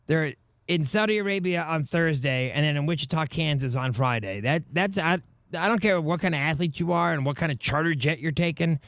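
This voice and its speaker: A man's voice: on the high side, a little fast, hardly any pauses, a bit bright, dry recording. A man co-hosting a wrestling radio show, throwing in puns and wisecracks. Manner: punning, wisecracking. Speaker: radio co-host. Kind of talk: casual wrestling radio chat. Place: radio studio booth.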